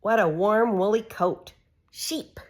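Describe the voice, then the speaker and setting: A woman's voice: mid-range voice, slow pace. A woman reading a farm animal picture book aloud to a small child, making the animal sounds in a sing-song way. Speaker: reader for a child.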